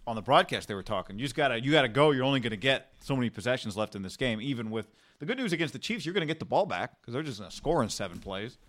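A man co-hosting a casual sports chat, talking fast and building his argument over the other speaker. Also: medium pitch, expressive, fairly bright tone.

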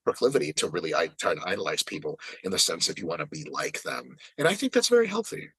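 A man with a slightly husky voice chats on a podcast, and his pitch swings up and down as he talks. He swears freely and slips into quick impressions of other people. The sound is dry and close. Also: sing-song, fairly bright tone, no echo, rough recording. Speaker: podcast host. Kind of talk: casual podcast conversation.

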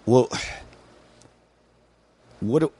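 A man's voice: very slow, no echo. A man from the United States, a comedian guest on a podcast, telling a story casually and acting out the people in it. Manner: animated, acts out voices in his story.

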